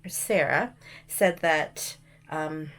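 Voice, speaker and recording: A woman's voice: deep voice, extremely slow, fairly bright tone. A woman chatting casually as she shows mail and thrift finds, rambling with frequent ums and restarts. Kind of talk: casual show-and-tell chat.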